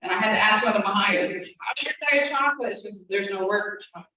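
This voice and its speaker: A middle-aged woman teaching a casual language class, chatting, laughing often and slowly repeating words to drill pronunciation. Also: mid-range voice, bright, forceful tone. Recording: roomy, distant, dull, faint hiss.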